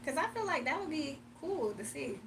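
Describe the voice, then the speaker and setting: High-voiced woman chatting on a livestream. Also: very animated, moderate pace. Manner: chatty, laughs often, talks straight to chat. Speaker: livestream host. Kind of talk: casual livestream chat with viewers. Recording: a bit distant from the mic, faint hum.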